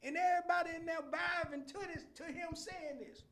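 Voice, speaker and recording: A man's voice: very high-pitched, a little fast, hardly any pauses, noisy background. A middle-aged man hosting a podcast, telling stories in casual slang and laughing often. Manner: Southern slang, animated and loud. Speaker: podcast host. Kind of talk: casual storytelling chat.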